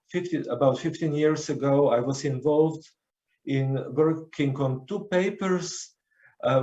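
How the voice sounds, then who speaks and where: A man's voice: a little high, a little mellow, dull audio. Man lecturing in an echoey room. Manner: hesitant, many fillers and restarts. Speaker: conference speaker. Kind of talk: academic lecture.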